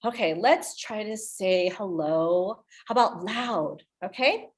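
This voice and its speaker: This young female youth librarian runs an upbeat virtual children's story time, addressing little ones through a computer microphone. She has a mid-range, animated voice and talks slowly with few pauses.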